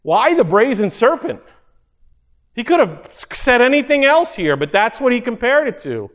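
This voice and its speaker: High-voiced man preaching earnestly. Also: sing-song, moderate pace. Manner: earnest, asks listeners rhetorical questions. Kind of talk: sermon.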